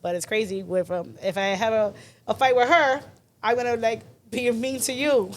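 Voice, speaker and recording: A woman's voice: fairly high pitch, steady tone, moderate pace, crowd noise. A young woman guest talking through her feelings on a podcast in a reflective, rambling way. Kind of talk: casual chat.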